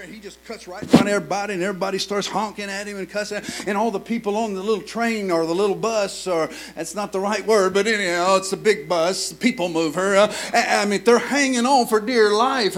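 A middle-aged man preaching a sermon, telling a story with animated swings between hushed and loud delivery. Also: sits high, low-quality recording.

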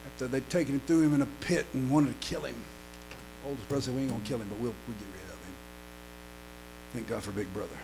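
A middle-aged man preaching a sermon as a pastor, dropping to quiet storytelling and rising to shouted, half-sung lines. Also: medium pitch, vocal fry, a little hiss or hum, low-quality recording.

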